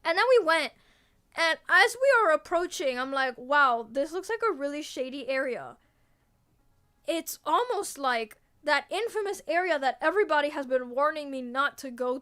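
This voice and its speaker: A young adult woman streaming as a VTuber, chatting casually in a rambling, excitable way full of fillers and restarts. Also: sits high, normal speed. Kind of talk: casual livestream chat.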